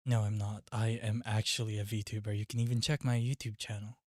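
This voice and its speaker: A man voicing a polite, posh mock gentleman, stiff, overly formal and a little hesitant. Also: lowish voice, level tone, fast talker, no echo, studio quality, lightly acted.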